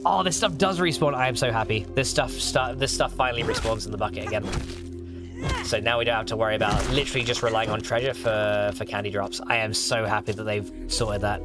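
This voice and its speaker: A man's voice: fairly low pitch, steady tone, fast talker. A man streaming a video game, chatting casually, stammering through restarts, laughing and swearing as he plays. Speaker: gaming streamer. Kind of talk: casual live gameplay chat. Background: game music.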